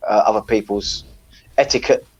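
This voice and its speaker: A man's voice: lowish voice, fairly even intonation, normal speed, a crowd in the background. A British man, a coach, speaking firmly in a casual sports chat, repeating his points with emphasis. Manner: firm, emphatic repetition. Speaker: coach and co-host. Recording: dry, muffled remote line.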